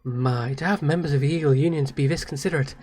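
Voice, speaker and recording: A streamer voicing a cold, possessive young woman officer from a game, hushed and icily polite. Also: fast, slight background noise, close to an everyday voice. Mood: disdainful. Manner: low, hushed and icily polite, sometimes whispered. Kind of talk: reading game dialogue aloud on a livestream.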